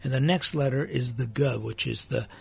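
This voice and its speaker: A man's voice: mid-range voice, moderate pace, creaky, husky. A man, a priest, hosting his podcast in a chatty monologue, often laughing and repeating words.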